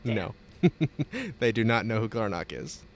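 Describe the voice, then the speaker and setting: A man running a tabletop game as game master, relaxed and quick to laugh. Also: lowish voice, slight background noise.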